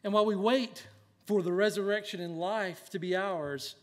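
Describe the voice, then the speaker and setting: A male pastor preaching a sermon in an earnest way, dropping to a hush and then rising to loud emphasis. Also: high-pitched, steady tone, moderate pace.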